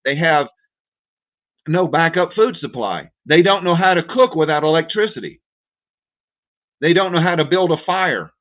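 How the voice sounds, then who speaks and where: A man's voice: a little high, animated, moderate pace, pauses often. A man hosting a livestream, lecturing viewers in an urgent, repetitive way and calling them "folks" over and over. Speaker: prepper livestream host. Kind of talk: direct-to-viewer livestream rant. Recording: tinny phone-like audio.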